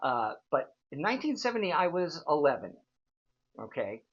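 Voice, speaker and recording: A man's voice: a little high, very animated, moderate pace, breathy edge, lo-fi sound. A man in his sixties, a show host telling a casual, rambling story full of fillers. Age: 60s. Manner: chatty, rambling, frequent fillers.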